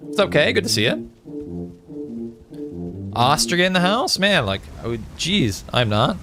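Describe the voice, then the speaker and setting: A man's voice: fairly high pitch, sing-song, unhurried, fairly bright tone. A man chatting casually with viewers on a live gaming stream, reading out chat messages with lots of fillers. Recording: faint music behind.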